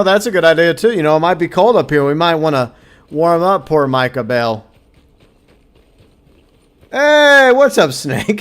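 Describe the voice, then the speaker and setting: A man's voice: a little high, fairly bright tone. A man from Minnesota giving casual, joking commentary as he streams a game, swearing freely.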